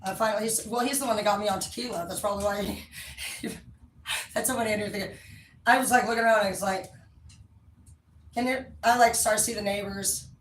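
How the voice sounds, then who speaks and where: A woman's voice: mid-range voice, fairly even intonation, a little fast, pauses often, slight background noise. A woman telling a long story in a blunt, rambling, profane casual chat. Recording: echoey room, mic at a distance.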